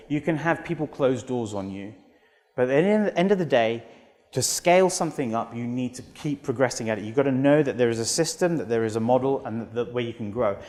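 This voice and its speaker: British man speaking in an echoing hall. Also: medium pitch. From United Kingdom. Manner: energetic storytelling with acted quotes. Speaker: motivational speaker. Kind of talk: motivational keynote talk. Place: large auditorium. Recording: long hall reverb.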